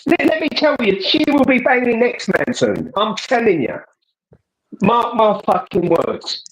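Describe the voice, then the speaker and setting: High-voiced crude man. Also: lively intonation, unhurried, a bit bright, poor audio. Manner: crude, swearing, taunting. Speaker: livestream guest. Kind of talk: casual livestream banter. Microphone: computer microphone on a live call.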